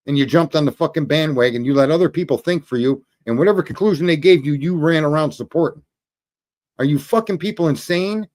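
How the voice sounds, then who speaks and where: A man's voice: fairly high pitch, brisk, a little mellow. A man hosting a livestream, ranting profanely and scolding his chat commenters in casual commentary. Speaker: livestream host.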